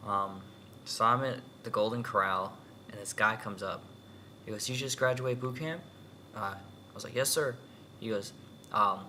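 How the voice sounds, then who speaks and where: A man's voice: lowish voice, slight background noise. A young man, a new sailor, telling stories animatedly in a casual podcast chat. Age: young adult. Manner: animated storytelling with quoted voices.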